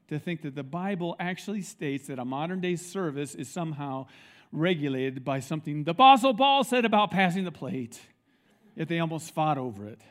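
A middle-aged man preaches a sermon from a church stage, his voice sitting a touch higher than most men's. He tells stories with animated energy and acts out the people he quotes. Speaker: pastor.

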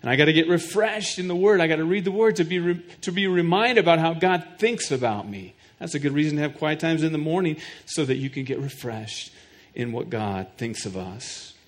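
Middle-aged male pastor with a voice pitched a little high, preaching earnestly. He stutters on restarts and keeps asking the room questions. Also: expressive, a little fast, few pauses. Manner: earnest, repeats words while building points; speaks directly to the congregation with questions. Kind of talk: sermon.

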